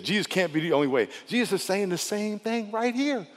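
A male pastor preaching a sermon in a conversational, emphatic way, sometimes dropping to a soft, intimate tone. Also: high-pitched, sing-song, fairly quick, in a large hall.

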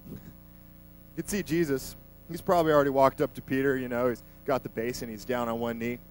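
A man's voice: mid-range voice, level tone, brisk, soft background music, poor audio. A man preaching a sermon in a conversational, emphatic way, vividly retelling a scripture passage.

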